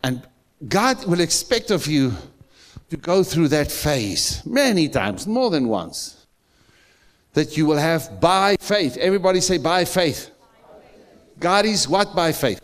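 A man's voice: on the high side, very animated, slow. A man with a South African accent preaching a sermon in a church, emphatic, repeating phrases and asking the congregation questions. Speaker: pastor.

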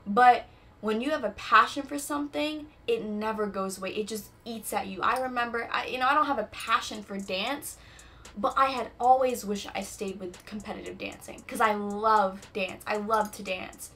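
A woman's voice: medium pitch, moderate pace, fairly bright tone. A young adult woman hosting a casual faith-based talk, chatty and full of "you know what I'm saying.". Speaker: podcast host.

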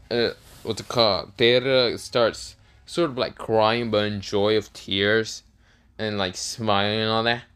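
A man's voice: lowish voice, steady tone, takes it slowly, fairly bright tone, clear, resonant tone. A man narrating a fan story casually, rambling with many fillers and self-corrections.

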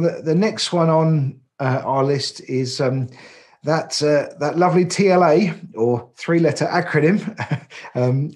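A man's voice: fairly high pitch, darkish tone. Chatty English man explaining trade details. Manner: explains at length with frequent fillers and restarts. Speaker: podcast co-host. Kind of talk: casual informative chat.

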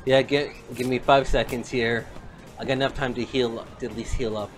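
A man's voice: medium pitch, steady tone, moderate pace. Man making game callouts. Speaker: co-player. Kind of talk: casual gameplay chat. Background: game music.

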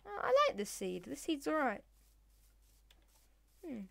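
A woman's voice: high voice, big pitch swings, measured pace, creaky, a bit bright, no room sound. A woman giving playful, chatty gameplay commentary, talking to in-game animals and dropping into whispered asides. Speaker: Let's Play gamer.

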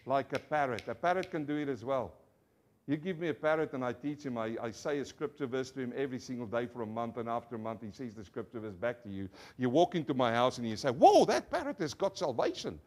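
A man's voice: mid-range voice, fairly quick. A male pastor giving a sermon to a congregation, leading call-and-response and explaining word meanings step by step with rhetorical questions. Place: church service before a congregation.

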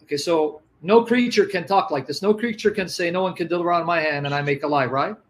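Man, high-pitched, insistent, debating, reading scripture aloud. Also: fast, a little hiss or hum, rough recording. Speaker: Christian debater. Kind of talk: live debate.

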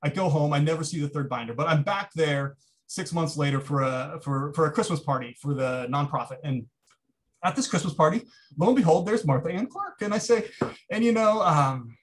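A man's voice: fairly high pitch, fairly quick, slight background noise. A man giving a keynote talk, telling an anecdote in a conversational way with frequent restarts. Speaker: keynote speaker. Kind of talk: storytelling lecture.

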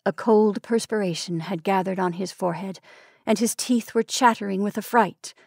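Calm woman reading aloud. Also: medium pitch, moderate pace, vocal fry, breathy edge, dry recording, studio quality. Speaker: storytelling podcast host. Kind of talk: scripted narration.

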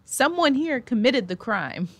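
A woman's voice: fairly high pitch, sing-song, a little slow. A woman playing a tabletop game, talking in a chatty, incredulous way. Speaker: player. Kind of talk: in-character tabletop play.

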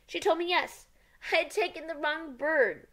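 A panicky, pleading man caught red-handed, read by a woman, his voice climbing high and tight. He rushes through his confession, anxious and begging for mercy. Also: a bit bright. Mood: anguished. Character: frightened, pleading male hotel thief.

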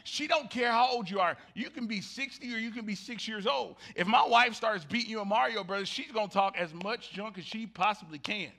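A middle-aged man preaching a lively sermon, jumping between shouted lines and low, quiet asides. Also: brisk, few pauses. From Southern United States. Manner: animated storytelling, swinging from loud shouts to low murmurs. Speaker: pastor. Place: church sanctuary.

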